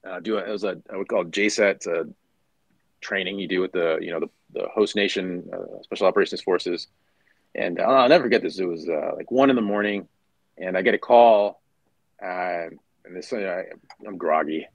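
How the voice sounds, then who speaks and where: The clip is a storytelling interview on a podcast, with a middle-aged former Marine officer as the guest. He spins war stories with lots of fillers and restarts, casual swearing, and acted-out lines from other people, speaking at a moderate pace in a low-pitched voice with vocal fry. The audio is low quality, with no room sound.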